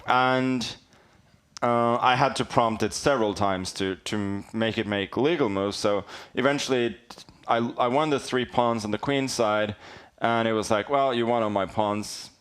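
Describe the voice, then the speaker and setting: A man's voice: mid-range voice, unhurried, fairly bright tone, smooth. A man commentating chess in a studio, laid-back and dry, with many fillers. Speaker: guest commentator.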